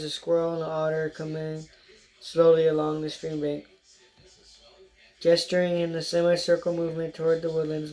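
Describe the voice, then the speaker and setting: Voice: medium pitch, warm tone, low-quality recording. An audiobook narrator reading a story aloud in a plain way, with stumbles now and then.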